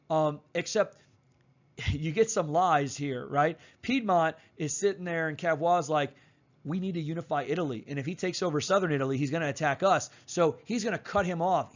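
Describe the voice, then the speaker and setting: A male history teacher walks through a lesson in a loose, conversational way, full of slang and fillers. His voice sits a little high, and the recording sounds dull and lo-fi. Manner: casual and chatty, with slang and fillers. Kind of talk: casual recorded lecture.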